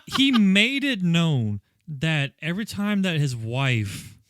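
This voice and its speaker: A man's voice: on the high side, very animated, takes it slowly, a bit bright, dry recording, clean studio sound. Sarcastic, profane male podcast co-host. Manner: sarcastic, profane, mimics characters. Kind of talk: casual movie-riffing chat.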